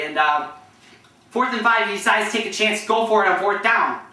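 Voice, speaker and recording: A man with a bright, forceful voice tells casual anecdotes, jumping into the voices of the people in them and restarting his sentences. He sits back from the mic in a very echoey room. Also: high-pitched, distant mic. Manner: animated storytelling, acting out quotes with restarts.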